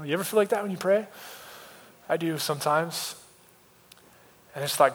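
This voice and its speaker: Conversational pastor telling a personal story. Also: male voice, on the high side, moderate pace, long pauses. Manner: conversational, confessional, drops to near whispers in quiet moments. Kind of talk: sermon storytelling. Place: church.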